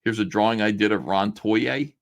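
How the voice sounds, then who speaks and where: A man with a voice on the low side, talking at normal speed, reads old messages aloud during a live stream. He makes fun of them casually, sarcastic and laughing throughout.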